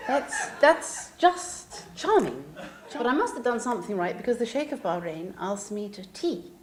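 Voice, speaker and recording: A woman pianist telling an anecdote with lively, theatrical delivery and laughing asides. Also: medium pitch, fairly quick, a little hiss or hum. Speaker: pianist and storyteller. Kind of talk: anecdotal storytelling.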